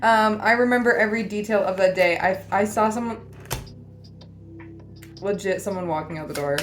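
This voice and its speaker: A woman's voice: mid-range voice, moderate pace, pauses often, faint music behind. A woman giving a casual spiritual reading to camera, blunt and teasing, swearing often as she delivers tough love. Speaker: tarot reader.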